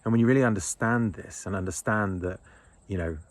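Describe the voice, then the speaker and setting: A man's voice: lowish voice, fairly quick, no echo. A man in his thirties talking in a blunt, rambling monologue, swearing freely and chuckling between thoughts. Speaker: men's retreat leader. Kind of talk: casual monologue.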